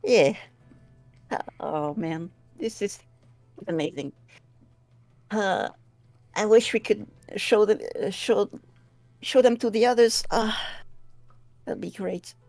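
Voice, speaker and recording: A woman playing a tabletop game, describing her character in an excitable, hesitant way. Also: medium pitch, slow, pauses often, no room sound, soft background music. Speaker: player.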